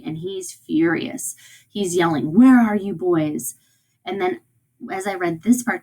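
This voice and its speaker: A woman teacher giving a recorded read-aloud lesson to young children in an encouraging way, often checking in with them. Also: lowish voice.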